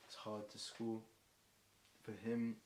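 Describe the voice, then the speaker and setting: Slow and monotone, a British freestyle rapper's lowish, slightly mellow voice carries a long improvised string of rhymes. He rambles spontaneously with lots of ums. The recording has an echoey room sound and faint hiss.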